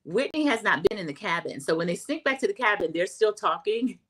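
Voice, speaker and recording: A middle-aged woman hosting a livestream, casually recapping a reality TV episode and giving her opinions, chatty and animated when she acts out quoted lines. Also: mid-range voice, brisk, breathy edge, low-quality recording. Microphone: home streaming setup.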